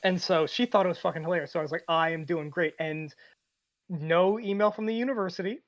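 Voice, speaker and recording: A man's voice: sits high, fast talker. A young man, a podcast host, telling a story animatedly and swearing often. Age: young adult. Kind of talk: casual storytelling chat. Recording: dull lo-fi audio.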